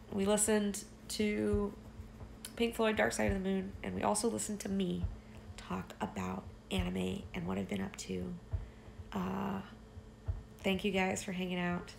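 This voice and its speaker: A woman's voice: medium pitch, gravelly, pushed and bright, slight background noise. A woman talking casually to her viewers from home late at night, rambling and swearing, her sentences full of "like" fillers. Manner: rambling, profane, with many "like" fillers. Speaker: content creator.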